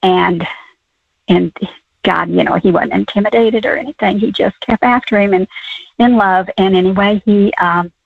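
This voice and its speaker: An older woman calling in to a radio program, telling her story haltingly with many fillers. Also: mid-range voice, vocal fry, breathy edge, dry recording. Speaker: caller. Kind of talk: call-in testimony. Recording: phone line.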